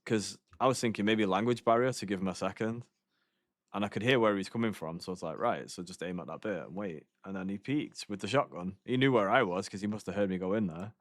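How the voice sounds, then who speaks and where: A man's voice: fairly low pitch, fast, dry recording, studio quality. A man streaming a game, telling rambling stories in casual chat, swearing often and laughing between lines.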